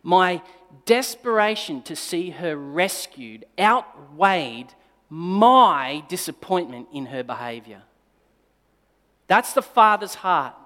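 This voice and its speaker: A male pastor telling a personal story in a sermon, moving between forceful emphasis and quiet, tender passages. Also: sits high. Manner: dynamic storytelling, swinging between loud emphasis and hushed, tender delivery. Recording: long reverb of a large hall.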